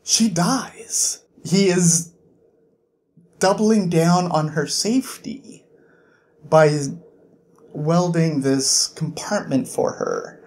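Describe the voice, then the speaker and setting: A man's voice: a little high, drawn-out words, pauses often. A young man recapping a novel in a casual, emotional way, laughing often and acting out the characters. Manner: animated, emotional, laughs often, acts out quotes. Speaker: book vlogger.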